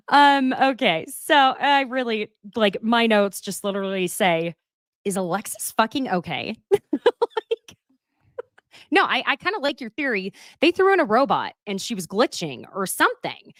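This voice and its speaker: A woman in her thirties co-hosting a casual recap chat, animated and profane, slipping into quick impressions of the people she talks about. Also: on the high side, no echo, studio quality. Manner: animated, profane, mimics people with put-on voices. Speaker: podcast co-host.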